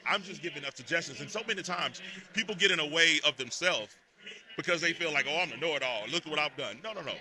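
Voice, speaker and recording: A man from Texas, a podcast guest telling stories in a lively, emphatic way at a live event. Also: a little high. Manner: animated storytelling, emphatic repetitions. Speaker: podcast network host, guest. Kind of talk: casual interview talk.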